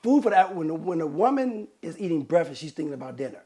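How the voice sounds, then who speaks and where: A middle-aged man hosting a relationship podcast, telling stories in a candid, animated way and acting out quotes with laughter. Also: fairly high pitch, fast talker, a crowd in the background. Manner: animated storyteller, acts out quotes, laughs often. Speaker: podcast host, relationship counselor. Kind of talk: candid conversational advice.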